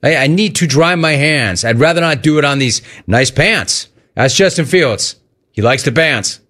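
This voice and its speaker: Male talk radio host, lively pitch, joking, rapid-fire call-in banter. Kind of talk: sports talk radio, taking calls.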